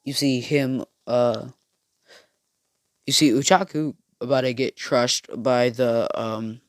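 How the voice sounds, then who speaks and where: A man's voice: medium pitch, steady tone, slow pace, dry recording, studio quality. Rambling young man telling a fan story. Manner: rambling, heavy fillers, many restarts. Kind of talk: casual improvised fan story narration.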